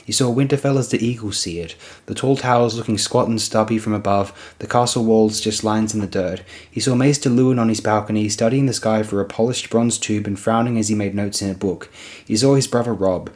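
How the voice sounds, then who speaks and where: Male audiobook narrator, low voice, steady even storytelling delivery. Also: a little fast.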